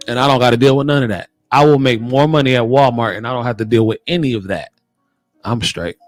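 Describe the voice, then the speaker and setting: An American man hosting a nursing podcast, reading news items aloud and reacting bluntly with animated exclamations. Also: medium pitch, fairly quick, dry recording, studio quality, faint music behind. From United States. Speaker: nurse podcast host. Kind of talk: casual commentary on news articles.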